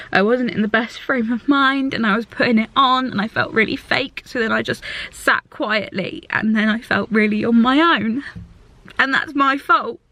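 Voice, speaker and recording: A young woman vlogging to a handheld camera, crying and talking in halting, broken phrases. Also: a little high, fairly bright tone, no room sound. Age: young adult. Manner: halting, tearful, trailing off. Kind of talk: confessional vlog talk.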